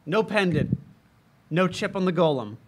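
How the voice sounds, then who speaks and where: A man's voice: sits high, animated, normal speed, slightly rough. A man playing a tabletop game, asking questions and going along with his party. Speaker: player. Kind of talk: casual tabletop play.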